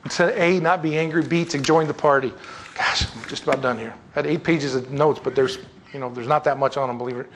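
A male pastor delivers a sermon in a loose, chatty manner. His voice sits a bit higher than most men's, and he keeps turning to the congregation with questions and joking asides. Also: moderate pace. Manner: conversational, folksy asides, rhetorical questions.

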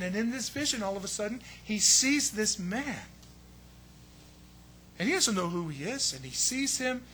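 A man preaching a sermon as pastor, telling the story with lively acted-out quotes. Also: sits high, a little hiss or hum. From United States. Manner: animated storytelling, acts out quoted voices.

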